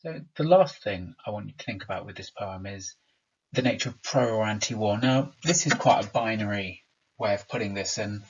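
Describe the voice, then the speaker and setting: Low, husky-voiced man teaching a lesson. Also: normal speed, highs cut off. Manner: explanatory, stresses rhythm aloud. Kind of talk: recorded remote lesson.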